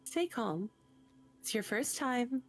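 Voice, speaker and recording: A woman playing a gentle bunny fortune teller. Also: on the high side, animated, slow pace, soft background music, full character voice. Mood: soothing. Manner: soothing, cheerful, coaxing.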